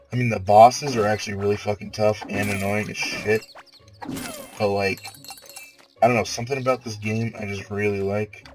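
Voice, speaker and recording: A man's voice: fairly low pitch, low-quality recording. A man who is sick, casually talking through a video game he plays, rambling with lots of filler words and the odd swear. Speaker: let's player. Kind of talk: casual gameplay commentary.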